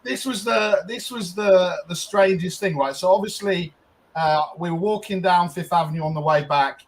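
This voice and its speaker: A man's voice: high-pitched, moderate pace, rough recording. A man co-hosting a podcast, telling a long casual story with lots of ums and restarts. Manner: rambling, frequent ums and restarts. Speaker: podcast co-host.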